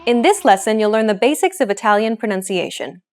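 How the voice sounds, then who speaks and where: A woman presents a pronunciation lesson in clear, scripted narration. She explains each point in a steady, encouraging way, at a medium pitch. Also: fairly quick, soft background music. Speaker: language lesson host.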